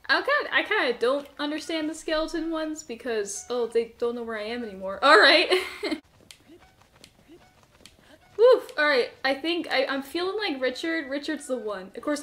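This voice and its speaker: A woman's voice: high-pitched, animated, normal speed, bright, forceful tone. A woman hosting her own video game playthrough, chatting casually and nervously, laughing and talking to her character as she plays. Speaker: gaming channel host. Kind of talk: casual let's-play commentary.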